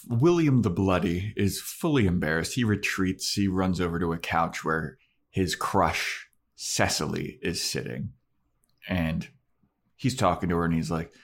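A man's voice: low voice, measured pace. A man co-hosting a podcast, casually retelling a TV episode and doing voices. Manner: relaxed storytelling with voiced asides. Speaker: podcast co-host.

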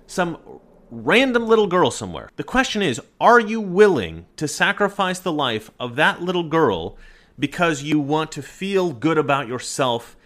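Emphatic man with a lively pitch. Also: normal speed. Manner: argumentative and emphatic. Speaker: political commentator. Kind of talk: opinionated monologue.

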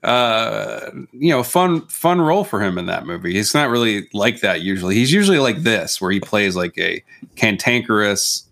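Man, podcast co-host, teasing and quick, low voice, lively intonation. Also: creaky. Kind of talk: casual movie chat.

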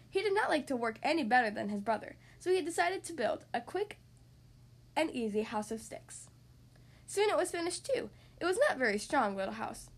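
High-voiced woman reading a children's story. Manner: expressive, lively storytelling. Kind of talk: children's story read aloud.

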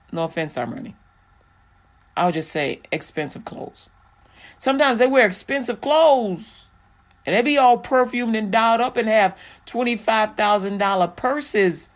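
Woman doing a chill bible study, slow and blunt, jokes around, lots of ums. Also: on the high side. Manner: frank and joking, with lots of fillers. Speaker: Bible teacher. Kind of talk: casual Bible teaching.

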